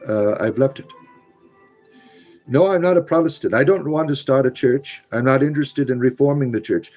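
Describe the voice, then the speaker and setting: A man's voice: mid-range voice, darkish tone, low-quality recording. A man hosting a live chat, answering viewers with emphatic preaching, a put-on theatrical storyteller's accent and many "uh" fillers. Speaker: livestream host answering chat.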